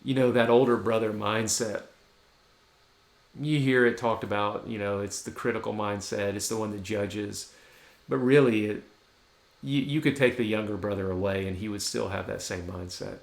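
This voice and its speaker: A man's voice: on the low side, normal speed, vocal fry. A man pastor giving a reflective, conversational sermon in a church. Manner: reflective, conversational preaching with restarts. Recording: echoey room.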